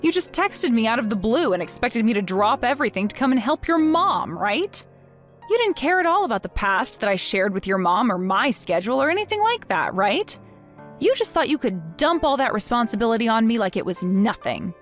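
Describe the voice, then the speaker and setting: A woman's voice: fairly high pitch, big pitch swings, fairly quick, faint music behind. A woman voicing a vengeful young wife who speaks in a mocking, sarcastic way. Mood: taunting. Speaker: wife in a text-message story.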